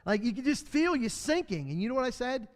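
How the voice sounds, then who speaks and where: A man's voice: extremely high pitch, big pitch swings, fairly quick. A man teaching a midweek Bible class in a folksy, storytelling way, with self-deprecating humor. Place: church classroom. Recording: long hall reverb.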